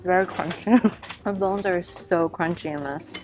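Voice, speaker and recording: A woman's voice: on the low side, moderate pace. A young woman vlogging as she tastes food, talking casually and humming between bites. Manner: enthusiastic, savoring, murmurs and hums between bites. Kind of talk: casual food tasting vlog.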